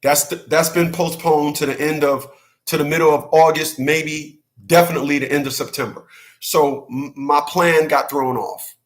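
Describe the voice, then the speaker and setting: A man's voice: fairly high pitch, fairly even intonation, normal speed. A man hosting his own channel, talking casually and profanely, hammering points by repeating himself and laughing between rants. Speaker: channel host. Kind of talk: casual livestream rant.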